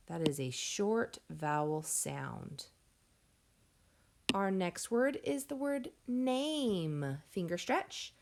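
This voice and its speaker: Woman, phonics teacher, very slow pace, vocal fry, clear sounding-out, encouraging. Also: mid-range voice, lively intonation, slight background noise. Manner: encouraging, addresses class as friends. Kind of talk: phonics lesson for young children.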